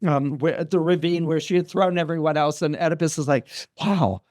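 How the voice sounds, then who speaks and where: A man, a guest astrologer, retelling a myth in a casual, animated way with many restarts and asides. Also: fairly high pitch, fairly quick. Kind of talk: casual podcast storytelling.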